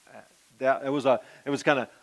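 A middle-aged man, a pastor, giving an earnest personal testimony that rambles with restarts and often sinks to a soft murmur. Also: medium pitch, fairly even intonation, fast talker.

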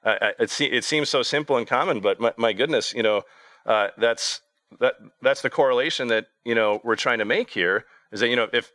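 An earnest man preaching, his delivery halting and full of repeated words and restarts. His voice is bright and forceful, and the recording is close and dry with no room sound. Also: mid-range voice, dry recording. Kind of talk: sermon.

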